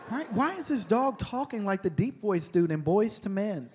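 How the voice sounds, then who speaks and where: A man's voice: high-pitched, lively intonation, brisk, few pauses, darkish tone, husky. A man doing stand-up comedy on a club stage into a handheld mic, chatting with the crowd in a teasing, conversational way.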